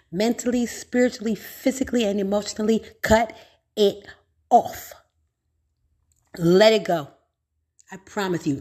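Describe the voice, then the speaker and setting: A middle-aged woman preaching straight to her listeners, raw and full of swearing, calling them baby and y'all. She hammers her points home with repetition and gets louder as she gets worked up. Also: medium pitch. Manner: emphatic repetition, rising with excitement. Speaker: podcast host. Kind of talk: motivational monologue.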